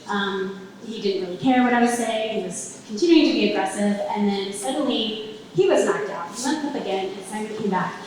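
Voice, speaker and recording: A woman's voice: mid-range voice, brisk, darkish tone. A woman telling a personal story on stage to a live audience, conversational, with wry asides to the crowd. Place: event venue with a live audience. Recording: very echoey room, mic at a distance.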